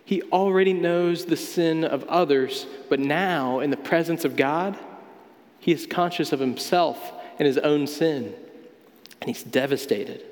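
A man preaching a sermon as pastor, talking in a conversational way with everyday examples. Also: on the high side. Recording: long hall reverb.

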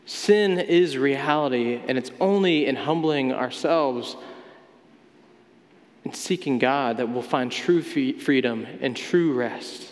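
A man's voice: medium pitch, slow. A man preaching a sermon as pastor, talking in a conversational way with everyday examples. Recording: long hall reverb.

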